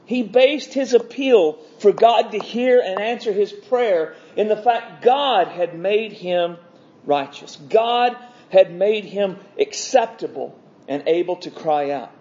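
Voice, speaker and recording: A man preaching an evening sermon, earnest, stretching key words slowly. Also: high voice, animated, darkish tone. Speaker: pastor. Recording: dull lo-fi sermon audio.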